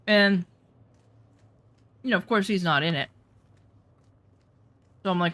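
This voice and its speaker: A woman telling rambling, animated anecdotes in a casual chat, full of swearing. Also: mid-range voice, measured pace, pauses often, no echo. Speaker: storyteller.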